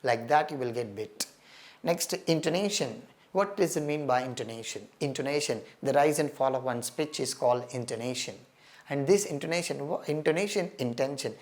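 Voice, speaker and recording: A man's voice: mid-range voice, moderate pace. A man with an Indian English accent giving an exam coaching lecture, earnest, stressing key points and calling his listeners "my friend". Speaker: teacher.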